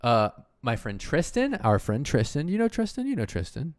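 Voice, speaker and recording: A man's voice: mid-range voice, wildly swooping pitch, normal speed, no echo, clean studio sound. A man hosting a casual livestream chat, rambling and cutting himself off, laughing often. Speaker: host.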